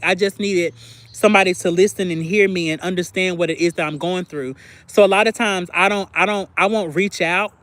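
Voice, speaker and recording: High-voiced young man confiding on a livestream. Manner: expressive, confiding, acts out little phone conversations; frequent throat clearing. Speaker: livestream host. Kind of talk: candid personal livestream chat.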